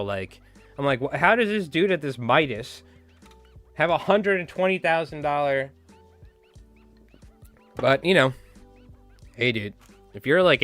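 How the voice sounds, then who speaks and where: A man's voice: medium pitch, fairly bright tone. A man hosting a casual fly tying livestream who chats with viewers, rambles from one story to the next and swears freely.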